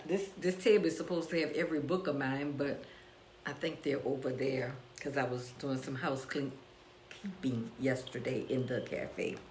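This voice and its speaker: A woman speaks to her live-stream viewers from her own cafe, encouraging and a little preachy, calling them y'all. Her voice rings in an echoey room with a faint background hum. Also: low voice. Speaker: livestream host and author. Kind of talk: motivational live stream talk. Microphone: phone or camera live stream.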